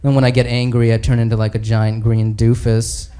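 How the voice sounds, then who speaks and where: A man's voice: medium pitch, little pitch movement, a little fast, voice pushed down, natural voice. A man voicing a sheepish, rambling giant green hero in his human form, mumbling and hesitant, in a noisy live stand-up recording.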